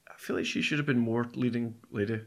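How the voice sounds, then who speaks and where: A man co-hosting a film podcast, chatting casually and excitedly, laughing often as he rambles. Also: medium pitch, quick pace, gravelly.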